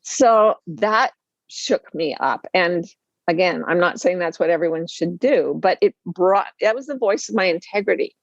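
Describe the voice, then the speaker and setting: A woman, an author and life coach, telling personal stories with lively, self-deprecating humor and acting out the voices she quotes. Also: lowish voice, normal speed, no echo, lo-fi sound. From Utah, USA. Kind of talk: candid storytelling interview.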